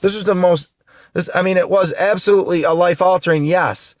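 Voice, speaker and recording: A man's voice: high voice, fairly even intonation, a little fast, no echo, studio quality. A man in his thirties from upstate New York, venting to the camera in an upset, indignant way, tearful and repeating himself. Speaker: vlogger.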